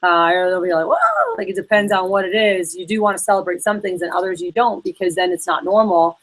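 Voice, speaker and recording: A woman's voice: lowish voice, fairly even intonation, quick pace, poor audio. Chatty woman coaching a sales team. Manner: chatty, acts out phone calls in quoted voices. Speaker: sales trainer. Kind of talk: casual workshop coaching.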